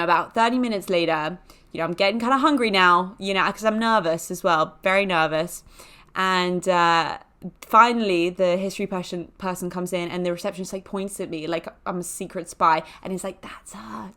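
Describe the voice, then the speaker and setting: A woman's voice: lowish voice, fairly quick, bright, forceful tone. A young woman, hosting a podcast and telling a personal anecdote casually, full of fillers and self-mocking jokes. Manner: chatty, filler-heavy with jokey self-mocking asides. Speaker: podcast host.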